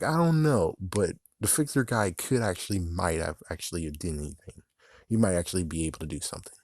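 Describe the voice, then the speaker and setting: Low-voiced man ranting, swearing a lot. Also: darkish tone, no room sound, clean studio sound. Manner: profane, exasperated, laughs at himself. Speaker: movie reviewer. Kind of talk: casual ranting review.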